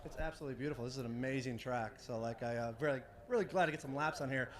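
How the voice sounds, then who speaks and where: An American pro drift driver talks very fast in a medium-pitched voice during a casual outdoor interview at a racetrack. He's enthusiastic and uses laid-back slang.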